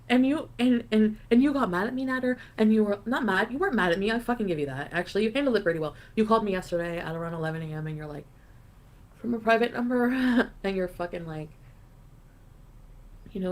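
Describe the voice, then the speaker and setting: A woman's voice: mid-range voice, fast. A woman in a played clip ranting on a livestream, profane and rambling. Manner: profane, rambling, laughing between lines. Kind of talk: casual livestream rant.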